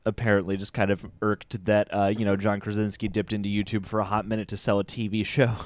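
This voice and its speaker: A man's voice: lowish voice, flat delivery, fast. A man co-hosting a live stream, chatting in a laid-back way. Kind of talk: casual chat.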